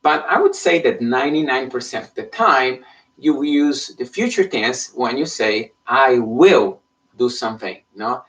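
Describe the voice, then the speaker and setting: A man's voice: mid-range voice, expressive, a little slow, a bit bright. A man teaching an online Spanish lesson in English, explaining patiently and checking in with frequent "okay?". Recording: voice somewhat far from the mic.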